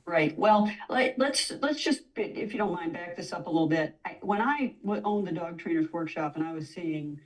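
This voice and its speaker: Low-voiced woman dog trainer explaining. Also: lively intonation, normal speed, hardly any pauses, recorded from a distance, poor audio. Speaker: dog trainer, interview guest. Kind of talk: conversational interview.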